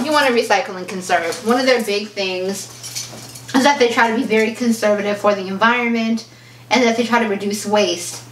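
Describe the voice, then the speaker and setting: A woman fashion vlogger in a casual unboxing chat, telling a story in an animated, chatty way and acting out the back-and-forth. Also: medium pitch. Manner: chatty, animated storyteller who acts out quoted exchanges. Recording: roomy echo, mic at a distance, faint kitchen clatter.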